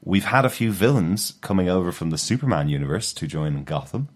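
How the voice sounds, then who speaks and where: Male co-host, very low voice, rapid delivery, matter-of-fact. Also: expressive. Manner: brisk, matter-of-fact, many agreeing murmurs. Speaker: podcast co-host. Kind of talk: casual review chat.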